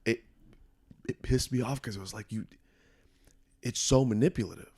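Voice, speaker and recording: A man talking as a podcast guest in a reflective, halting way that often restarts his sentences. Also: mid-range voice, mellow, husky. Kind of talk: casual conversation.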